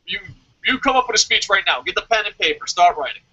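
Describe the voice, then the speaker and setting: High, bright-voiced excitable man. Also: fast, breathy edge. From New Jersey. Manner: excitable, profane, mock-formal. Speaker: podcast co-host. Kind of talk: casual wrestling review chat. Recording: dull lo-fi audio.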